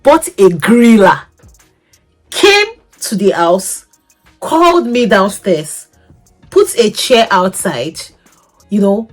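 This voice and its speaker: Young woman, vlogger telling a story with big swings in pitch, a slightly husky voice. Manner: animated, laughing, swings between loud outbursts and soft asides. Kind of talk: casual storytelling to camera.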